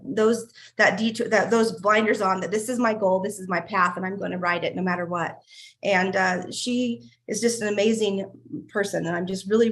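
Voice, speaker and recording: A woman hosts a casual members' video call, heaping praise on each person. She laughs easily and keeps restarting her sentences. Her voice sits at a middle pitch for a woman. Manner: warm, gushing, laughs often, restarts sentences.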